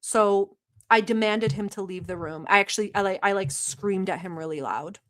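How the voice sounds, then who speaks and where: A woman's voice: medium pitch, moderate pace, fairly bright tone. A young woman hosting a livestream, talking in a sarcastic, rambling, mock-earnest way with lots of fillers. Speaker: livestream host. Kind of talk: satirical livestream chat.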